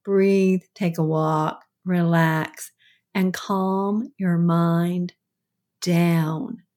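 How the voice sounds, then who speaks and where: A woman's voice: fairly low pitch, little pitch movement, very slow, darkish tone. A woman co-hosting a casual podcast, reacting supportively and reading out a quote of the day. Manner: supportive listener, reads out a daily quote. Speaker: podcast co-host. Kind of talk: casual chat.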